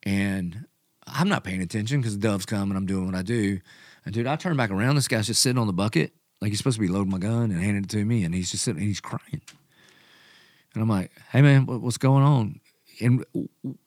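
Lively storytelling pastor, low voice. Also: male voice, brisk, dry recording, clean studio sound. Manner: animated storyteller, quotes himself and others. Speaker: pastor and podcast host. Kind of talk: casual storytelling chat.

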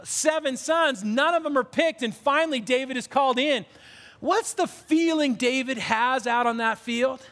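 In an extremely high, fairly bright voice at a moderate pace, a male pastor preaches with earnest emphasis. He often restarts what he's saying, and the recording has the long echo of a large hall.

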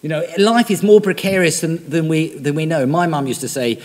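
A man delivers a sermon in a chatty, animated way, often turning to his congregation with questions. His voice sits fairly high and swings widely in pitch. A long reverb from a large hall trails after his words. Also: brisk. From Britain. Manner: animated, conversational preaching with direct questions to the congregation. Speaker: preacher.

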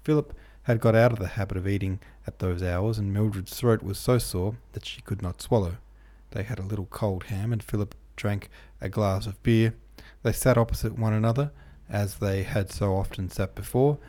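A man reading a classic novel aloud in a steady, measured way, with the odd small slip. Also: on the low side. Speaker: audiobook narrator.

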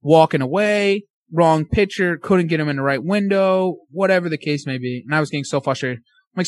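A man telling a hunting story as a podcast guest, animated, acting out his own and his friend's words. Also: a little high, brisk, no room sound.

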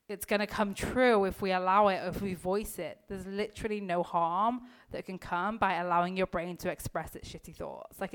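Chatty woman coaching with emphatic energy. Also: mid-range voice. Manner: chatty, heavy use of "like", occasional swearing; emphatic, coaching directly to the listener. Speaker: mindset coach. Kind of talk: casual motivational podcast talk.

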